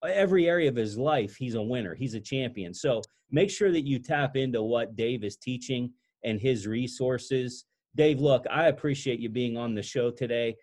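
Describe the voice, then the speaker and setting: A man's voice: medium pitch, normal speed, hardly any pauses, a little mellow. A man hosting a podcast, talking in an encouraging, motivational way as he wraps up an interview. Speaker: podcast host. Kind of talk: interview and show sign-off.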